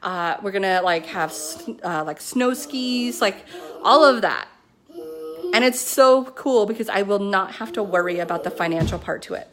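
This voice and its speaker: A woman at home, talking to her business team in a casual motivational pep talk, excited and chatty, filling her speech with "like" and "you know.". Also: medium pitch, moderate pace. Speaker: network marketing team leader. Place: at home with her kids nearby.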